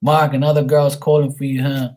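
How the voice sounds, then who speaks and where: A man mimicking a fast-scolding, cursing mother. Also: medium pitch, level tone, natural voice. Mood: nagging. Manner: shouting, cursing, rapid-fire nagging. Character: scolding, nosy middle-aged mother.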